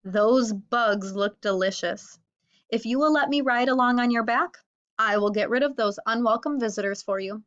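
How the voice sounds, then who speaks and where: A cheerful little bird from a storybook, chirping in a bright, high-pitched voice as a woman reads him aloud. He sounds curious and unafraid. The recording is a bit dull and lo-fi. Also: moderate pace, natural voice. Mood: eager.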